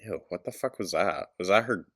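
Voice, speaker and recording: A man's voice: low voice, a little fast, a crowd in the background. A man giving sarcastic reaction commentary over a clip, blunt and mocking, with laughing asides.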